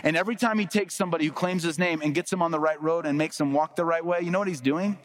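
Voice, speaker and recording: A man's voice: a little high, fast talker. A middle-aged man preaching a sermon as pastor, emphatic and calling on the congregation to repeat phrases after him.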